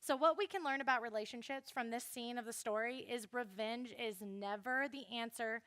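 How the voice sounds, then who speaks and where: A young woman giving a classroom Bible lesson, animated and speaking straight to her listeners. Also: on the high side, normal speed, dry recording, clean studio sound. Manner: animated, addresses listeners directly.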